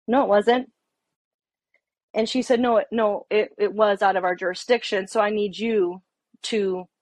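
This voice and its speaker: Speaking at a medium pitch with no echo around her, a middle-aged policewoman recounts a story casually. She's profane and lively, performing the heated lines people said.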